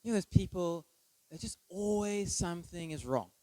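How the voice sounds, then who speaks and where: A man's voice: high-pitched, animated, moderate pace, warm tone, no echo, rough recording. Earnest preaching man, dry sound. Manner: earnest, emphatic preaching with rhetorical questions. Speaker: pastor. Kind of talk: sermon. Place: church.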